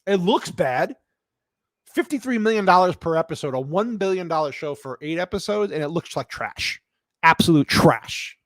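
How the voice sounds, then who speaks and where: A man with a high, animated voice reads his live chat at a normal pace, ranting bluntly and crankily with lots of swearing as he hosts a casual live show. The recording is dry, with clean studio sound.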